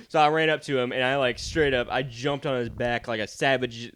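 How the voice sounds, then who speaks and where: A man's voice: mid-range voice, moderate pace, few pauses, a bit bright, no echo. A young man on a podcast telling rambling childhood stories in casual chat, swearing freely and acting out quotes. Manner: rambling storyteller, swears a lot, acts out quotes. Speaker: podcast co-host.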